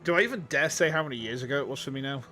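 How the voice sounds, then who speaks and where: A man with a Yorkshire accent chatting casually with viewers on a livestream, jokey and quick to laugh. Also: mid-range voice, expressive, pushed and bright, faint music behind. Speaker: streamer.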